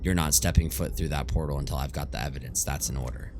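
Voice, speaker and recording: A man's voice: rumbling low, fast, darkish tone, a little hiss or hum. Man voicing a curt female sergeant. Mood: commanding. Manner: curt, commanding. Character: brisk tough female soldier sergeant.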